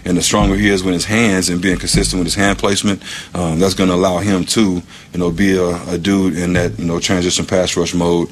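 A man, a football coach, answering interview questions in a measured way with plenty of ums and you knows. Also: low voice, little pitch movement, slight background noise.

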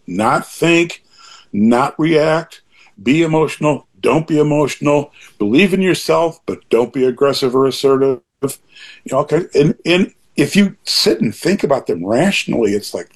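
A man's voice: a little high, slightly rough. An older man talking in a casual interview, rambling through asides and restarts while making emphatic, opinionated points. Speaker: interview guest.

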